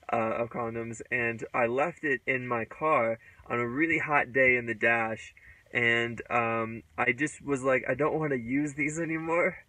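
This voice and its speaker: A man's voice: mid-range voice, bright, forceful tone, dry recording, recorded from a distance, poor audio. A man vlogging about his music in a loose, offhand, joking way, with many fillers. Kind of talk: casual rambling vlog chat.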